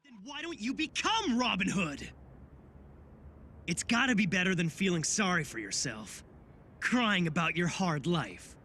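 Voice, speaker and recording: An actor voicing a calm young former office worker turned pirate in an anime dub, speaking in a cool, cutting way. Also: male voice, sits high, a little slow, a little hiss or hum, exaggerated voice.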